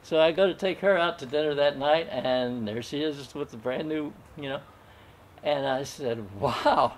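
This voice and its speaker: Older man telling a gentle story. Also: fairly high pitch, slight background noise. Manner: gentle, chuckling, folksy pauses. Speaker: open mic storyteller. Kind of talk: personal storytelling at an open mic.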